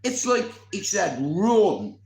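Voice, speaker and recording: A man, telling a story in casual, animated chat, swearing constantly. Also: sits high, measured pace, roomy sound. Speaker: vlogger.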